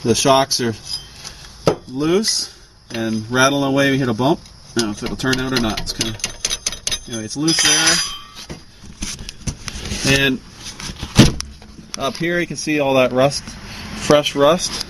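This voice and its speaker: A man's voice: medium pitch, unhurried, pauses often. Rambling DIY mechanic man, outdoors. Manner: relaxed, rambling, full of ums and uhs while working. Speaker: DIY mechanic showing truck repairs. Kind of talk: casual how-to demonstration. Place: outdoors beside a truck, away from the house. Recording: noisy outdoor recording.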